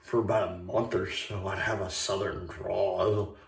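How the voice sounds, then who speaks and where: This shaving vlogger from Michigan has a low, creaky voice that barely shifts in pitch and keeps a normal speed. He meanders through a casual chat with plenty of fillers and restarts, recorded in an echoey bathroom with tap water faintly running.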